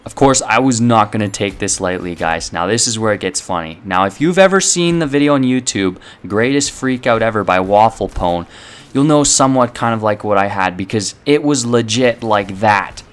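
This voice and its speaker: A man's voice: lowish voice, animated, normal speed, smooth. Rambling young man telling a story. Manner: rambling, many fillers, swears. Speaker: channel host. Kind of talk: casual storytelling to camera.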